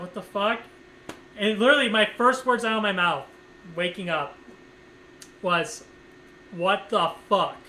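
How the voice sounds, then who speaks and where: A man with a high, bright, ringing voice tells a story casually to his viewers. He rambles, leans on filler words and swears freely. A faint hum sits under the recording. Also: low-quality recording. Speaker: streamer.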